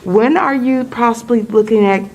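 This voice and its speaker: A woman's voice: on the high side, moderate pace, a little mellow, muffled recording. A woman fan asking a question at a panel in a friendly, hesitant way.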